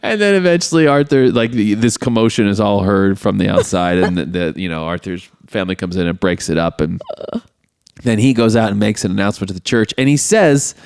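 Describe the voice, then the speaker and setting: A man's voice: a little fast, clean tone, no room sound. Man recapping a film, dry close sound. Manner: animated retelling, acting out quotes in high voices. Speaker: podcast co-host. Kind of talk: casual movie recap chat.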